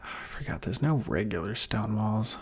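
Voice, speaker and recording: A young man streaming a game from home, talking quietly to himself and often dropping into a half-whisper. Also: fairly low pitch, lively intonation, normal speed, slightly rough. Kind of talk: gaming stream commentary. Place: home room at a computer. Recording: noisy, with keyboard and mouse clicks.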